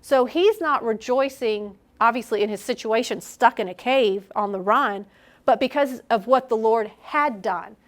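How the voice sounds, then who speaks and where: A woman's voice: on the high side, unhurried. Candid woman preaching to young adults. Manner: candid, conversational, acts out her own inner voices. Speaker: young adults group speaker. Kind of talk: sermon.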